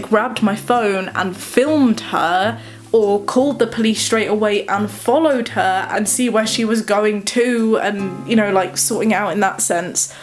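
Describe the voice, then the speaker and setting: A young woman, telling a personal story on her vlog and acting out the dialogue as she goes. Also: fairly high pitch. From England. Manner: animated retelling, acting out dialogue. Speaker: vlogger. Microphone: camera mic.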